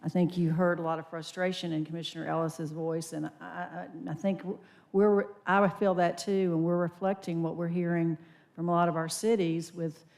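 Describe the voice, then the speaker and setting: A woman speaking as vice chair at a public county board meeting, asking direct, measured questions. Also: fairly low pitch, little pitch movement, darkish tone.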